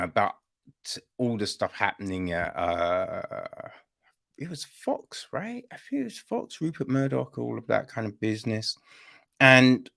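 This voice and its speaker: A man's voice: mid-range voice, a bit bright. A man hosting a podcast, casually talking through a play he watched and often checking in with "right?" and "you know?". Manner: conversational, keeps asking "right?" and "you know?"; apologizes to listeners after a coughing fit. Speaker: podcast host reviewing a play. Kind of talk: casual spoken review.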